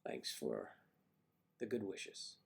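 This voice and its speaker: A man's voice: low voice, wildly swooping pitch, takes it slowly, vocal fry, breathy edge. A man hosting a casual livestream, rambling playfully and greeting viewers by name. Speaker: livestream host.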